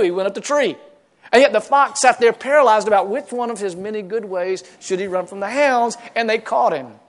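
Pastor, male, high-ish voice, lively folksy sermon delivery. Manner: animated preaching, folksy asides, acts out quoted voices.

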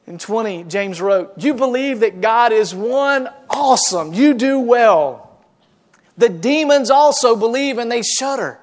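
Animated preacher, higher-pitched man. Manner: animated preaching, folksy asides, acts out quoted voices. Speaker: pastor. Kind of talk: sermon.

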